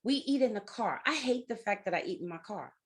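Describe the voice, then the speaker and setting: A woman's voice: medium pitch, lively intonation, a little fast, slight background noise. A middle-aged woman hosting a coaching talk, casually giving advice, acting out inner voices and laughing often. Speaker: life coach and podcast host.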